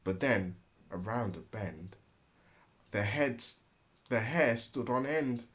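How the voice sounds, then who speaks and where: Dad narrator reading a rhyming kids' book: slow, sing-song, expressive. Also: male voice, medium pitch. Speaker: storybook reader. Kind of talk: rhyming storybook read-aloud.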